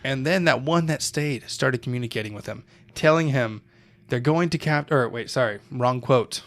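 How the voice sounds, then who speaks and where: A man's voice: mid-range voice, moderate pace, a bit bright. A young man co-hosting a podcast, telling a story in loose casual chat, swearing often, laughing and losing his thread.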